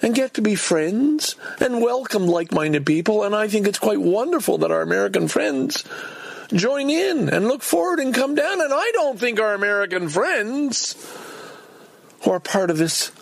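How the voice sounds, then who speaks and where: Middle-aged man, ranty and self-mocking, husky, dry close sound. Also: sits high, normal speed, no room sound. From Canada. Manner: excitable, ranting, self-deprecating. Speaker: podcaster. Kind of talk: solo podcast monologue.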